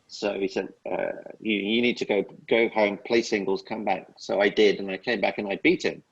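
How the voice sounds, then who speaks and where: A man as an interview guest, telling upbeat stories and giving slow, emphatic life advice. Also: fairly low pitch, steady tone, vocal fry, slightly rough, lo-fi sound. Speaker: guest speaker. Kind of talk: casual interview chat.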